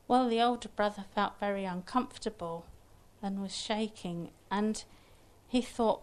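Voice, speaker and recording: Gentle woman telling a folktale. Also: mid-range voice. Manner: unhurried, gentle, with small restarts. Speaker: storyteller. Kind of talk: oral folktale storytelling.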